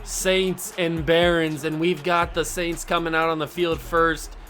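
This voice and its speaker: A man hosting and commentating his own football video game, animated and jokey, with bursts of mock outrage. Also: a little high, normal speed, faint music behind. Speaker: gaming YouTuber host. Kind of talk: live gameplay commentary.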